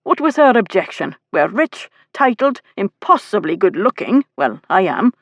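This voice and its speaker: A woman's voice: medium pitch, big pitch swings, moderate pace, fairly bright tone, dry recording, muffled recording. A woman voicing a brash, teasing young nobleman in an audiobook, mocking and boastful. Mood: indignant. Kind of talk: audiobook character voice.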